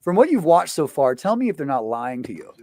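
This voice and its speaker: A man's voice: fairly high pitch, very animated, fairly quick, warm tone, no room sound, clean studio sound. A man hosting his own show in a casual, rambling rant, swearing often and filling gaps with "like". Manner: profane, rambling, full of fillers. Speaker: show host. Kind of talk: casual ranting monologue.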